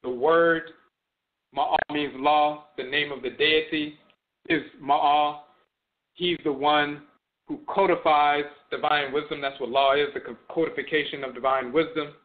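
A man's voice: a little high, fairly even intonation, unhurried. A man giving a spoken lecture on religion, repeating key terms for emphasis as he explains words. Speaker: teacher of religion and language. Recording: tinny phone-like audio.

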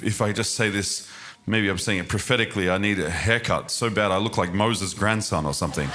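Guest preacher, man, lowish voice, earnest sermon delivery with a self-deprecating wit. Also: sharp tone, a little hiss or hum. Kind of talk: sermon and prayer. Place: church service.

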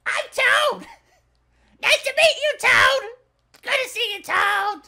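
Toad, squeaky and shouty. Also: male voice, slow, gravelly, full character voice. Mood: excited. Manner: squeaky, yelling, exaggerated cartoon impression. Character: tiny cheerful male mushroom character. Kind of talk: casual gaming video commentary.

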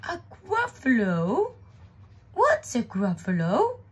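A woman voicing a fussy owl who squeaks high and hoots when scared, in a storybook reading. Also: wildly swooping pitch, fairly quick, husky, heavily acted. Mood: startled.

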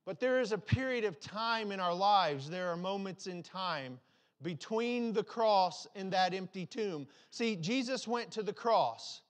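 A male pastor delivers a sermon in a fairly high voice, repeating phrases line after line. He restarts and stumbles now and then as he builds toward his point. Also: lively intonation, a little slow. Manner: repetitive, building preaching with restarts.

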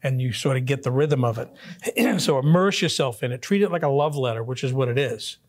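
A man teaching a casual Bible study class in a church, talking conversationally with frequent restarts and throat clearing. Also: mid-range voice, fairly quick.

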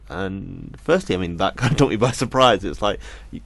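This interview guest, a young man from Britain, has a very low, gravelly, slightly bright voice and tells his story expressively, earnestly, and reflectively. He stumbles and restarts a lot and stops to quote the people he met.

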